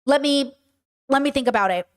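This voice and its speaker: An American woman in her thirties hosts a casual podcast monologue, her high voice brisk and animated. She swears often while acting out her own reactions.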